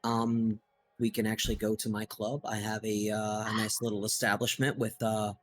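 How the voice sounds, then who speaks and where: A man playing a tabletop game, speaking in character in a formal, halting way with many pauses. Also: on the low side, completely flat delivery, fairly bright tone, poor audio. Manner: formal and slow, many hesitations. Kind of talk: in-character roleplay speech.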